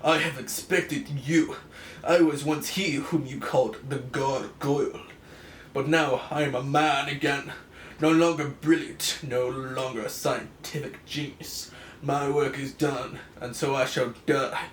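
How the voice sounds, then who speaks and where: A man's voice: mid-range voice, steady tone, a little slow, distant mic, a little hiss or hum, close to an everyday voice. A man voicing a former gargoyle villain, now human, who speaks in a grand, declaiming way in an echoey room. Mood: solemn. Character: male gargoyle villain turned human, solemn.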